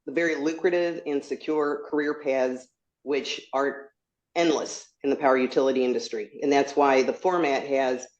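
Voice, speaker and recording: A woman on a video call, earnestly pitching her podcast at length. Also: a little mellow. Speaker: podcast host asking a question. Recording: echoey dull video call audio.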